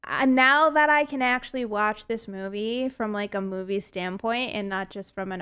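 A woman's voice: medium pitch, normal speed, a bit bright, clean tone. A woman co-hosting a podcast, reviewing a horror movie in casual chat, with lots of fillers and giggles. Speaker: podcast co-host.

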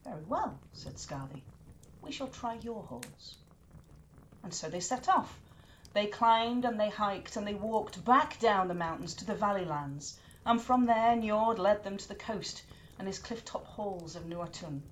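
A woman storyteller narrating a myth in an expressive, lilting way. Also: medium pitch, unhurried.

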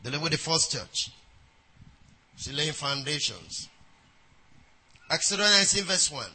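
A man preaching a sermon who reads scripture aloud in a measured cadence and often checks in with his congregation, with quick prayerful asides. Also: a little high, sing-song, pushed and bright, husky, rough recording.

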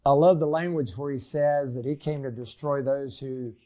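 A man co-teaching a Bible lesson, speaking calmly and reflectively with a few halting restarts. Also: medium pitch.

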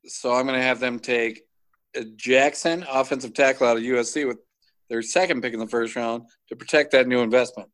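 A man in casual podcast chat who teases and swears. His voice sits at a middle pitch. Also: steady tone, fairly quick, fairly bright tone. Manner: teasing, crude. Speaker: podcast co-host.

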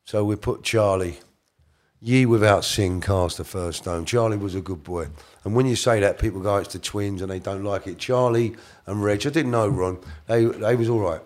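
A man's voice: lowish voice, moderate pace, darkish tone. A middle-aged man, rambling through a story as an interview guest and correcting himself as he goes. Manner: rambling, self-correcting, slips into quoted voices. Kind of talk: casual storytelling.

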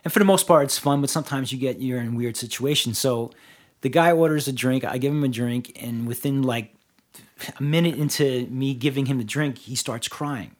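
A man's voice: mid-range voice, moderate pace. A man co-hosting a casual talk show, telling a bartending story with lots of swearing and acted-out dialogue. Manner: animated, profane storyteller acting out dialogue. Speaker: podcast co-host.

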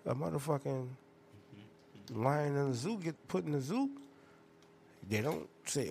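A man hosting a podcast, telling stories in a profane, animated, rambling rant. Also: fairly high pitch, unhurried, gravelly, pauses often, a little hiss or hum. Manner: profane, animated storytelling with loud laughing outbursts. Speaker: podcast host.

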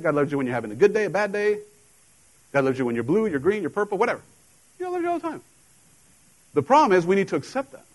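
A middle-aged pastor preaches a sermon in church, and his voice carries a slight tinge. He addresses the congregation as if they were old friends, slipping jokes and laughter into his preaching, and his voice sits a little high for a man. The recording is rough.

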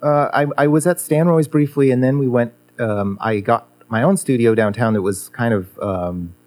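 A man's voice: mid-range voice, normal speed, darkish tone. A man, a former guitar teacher, reminiscing in casual conversation, rambling with many fillers and restarts.

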